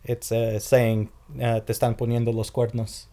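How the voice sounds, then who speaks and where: A man's voice: mid-range voice, completely flat delivery, moderate pace, warm tone. Laid-back man in his mid-twenties. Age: 20s. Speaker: podcast co-host. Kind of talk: casual chat.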